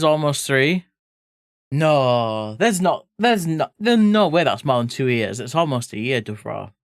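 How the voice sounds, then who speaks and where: Medium in pitch and smooth, this voice is recorded at studio quality with no echo. It belongs to an English art streamer raised in Leeds who chats casually and playfully with live viewers while drawing, reading chat aloud and swearing now and then.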